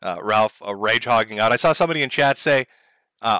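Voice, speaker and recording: A man's voice: lowish voice, a little fast, pushed and bright, clear, resonant tone, dry recording, studio quality. A man hosting a livestream, giving sarcastic, profane, mocking commentary. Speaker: streamer host.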